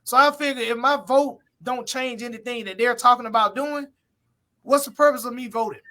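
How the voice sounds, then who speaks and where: A man's voice: very high voice, fairly even intonation, a little fast, sharp tone. A man co-hosting a live talk stream, arguing his point bluntly in casual conversation and greeting viewers by name. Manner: blunt, repetitive, reads viewer comments aloud.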